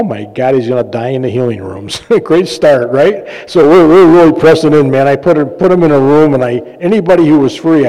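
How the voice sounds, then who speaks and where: Male preacher with a mellow voice telling humorous stories in a reverberant hall; casual, chatty delivery. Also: mid-range voice. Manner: conversational, jokey, fillers and self-laughs. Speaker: pastor and healing minister. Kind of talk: sermon with personal stories. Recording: long reverb of a large hall.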